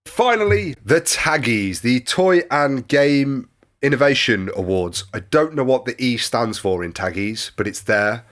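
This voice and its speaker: A man's voice: medium pitch, animated, a little slow, fairly bright tone. A man co-hosting a podcast, reading news in a sweary, exasperated rant. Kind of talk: casual podcast banter.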